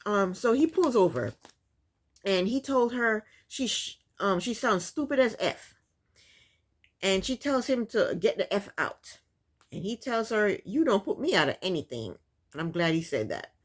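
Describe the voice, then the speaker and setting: Brief: blunt, sassy woman recapping a TV episode in casual commentary, with a very lively, swooping voice. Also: medium pitch, unhurried. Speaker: reality TV recap YouTuber.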